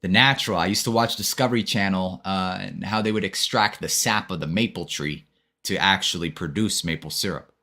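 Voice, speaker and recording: A man's voice: low voice, fairly quick, sharp tone. Laid-back man reviewing on a live stream. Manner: laid-back, talks to chat as bro and brother.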